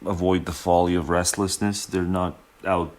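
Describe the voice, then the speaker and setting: A man with a very low, deep voice talks casually from his home kitchen. He rambles in a sardonic, mocking way and laughs often between his thoughts. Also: steady tone, moderate pace, a little mellow. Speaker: host commenting over a played reading.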